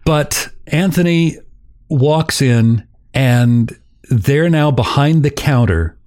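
A man's voice: mid-range voice, animated, takes it slowly, darkish tone, no room sound. Man telling a story, dry sound. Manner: chuckles while telling a story. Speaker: podcast host. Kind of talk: casual storytelling.

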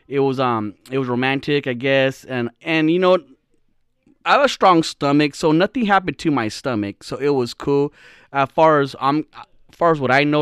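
A man's voice: medium pitch, no room sound, studio quality. A young man hosting a podcast, telling a rambling, profane, jokey story in casual comedic style. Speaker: podcast host.

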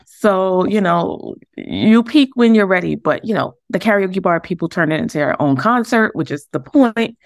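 A woman's voice: on the low side, animated, normal speed, hardly any pauses, dry recording, studio quality. A woman, chatting candidly as a podcast guest in an easygoing, self-deprecating way. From the Bronx, New York. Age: late 30s. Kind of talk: casual interview chat.

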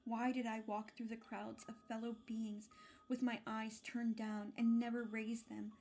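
A woman's voice: fairly high pitch, little pitch movement, measured pace, mellow. A woman voicing a grim male ghost, a dead miser bound in chains, who speaks in a mournful, solemn, declaiming way.

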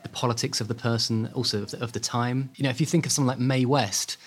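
A man's voice: medium pitch, fast talker, husky. Man telling history animatedly. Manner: animated storytelling, hesitant fillers. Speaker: author and historian guest. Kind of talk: podcast interview.

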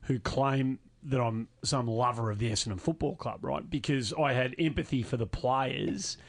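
A man's voice: mid-range voice, normal speed, creaky. A middle-aged Australian man co-hosting a sports podcast, fired up and ranting in casual chat. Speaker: podcast co-host.

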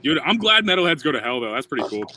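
Fast-talking joking comedian in his thirties. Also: on the high side, big pitch swings, pushed and bright, no room sound. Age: 30s. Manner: rapid, profane, joking banter with many restarts. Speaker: comedian co-host. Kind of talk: casual podcast chat.

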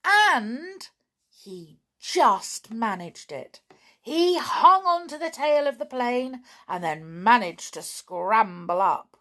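A woman reads a children's storybook aloud at an unhurried pace. Her voice swoops widely through the telling, and she adds little asides to her listeners along the way. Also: a little high, big pitch swings, a bit bright.

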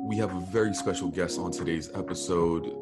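Host: New man, low voice, easygoing and slangy, clear music bed under him. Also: fairly quick. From New York. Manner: relaxed and friendly, slangy, laughs easily. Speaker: podcast host. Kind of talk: casual interview chat. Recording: music playing behind.

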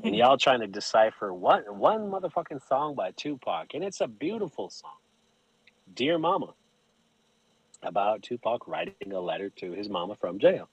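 A man, a podcast guest telling stories in casual chat, animated and profane, laughing often. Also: lowish voice, normal speed, breathy edge, no room sound, lo-fi sound.

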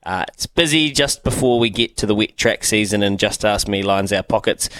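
A man's voice: fairly low pitch, moderate pace, fairly bright tone, no echo. A man hosting breakfast radio, talking enthusiastically and steering the show. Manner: enthusiastic, upbeat show-running. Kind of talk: casual radio chat.

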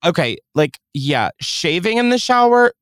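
A man's voice: high voice, unhurried, clear, resonant tone, no echo, studio quality. A man hosting a podcast, chatting casually with jokes and swearing. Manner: joking, profane, animated storytelling. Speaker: podcast host.

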